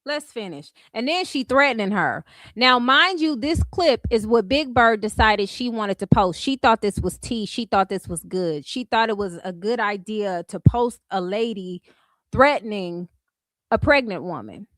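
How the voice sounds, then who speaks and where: A woman hosting a casual reaction commentary, sassy and animated, laughing often and mimicking others. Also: medium pitch, a little slow, no echo. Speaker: commentary channel host.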